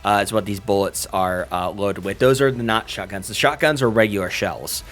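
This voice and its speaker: A man's voice: lowish voice, moderate pace, a bit bright. A man narrating a tabletop game as game master, rambling with many fillers.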